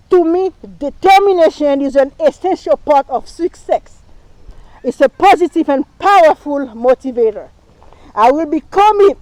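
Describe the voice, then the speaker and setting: A middle-aged woman who is not a native English speaker delivers a heartfelt campaign speech with a fairly high voice. She speaks slowly and repeats her phrases, with a slip now and then. The sound is close and dry. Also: a little mellow, dry recording, rough recording. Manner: impassioned, repetitive, speaks non-native English with slips. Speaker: town council candidate. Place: live stream rally.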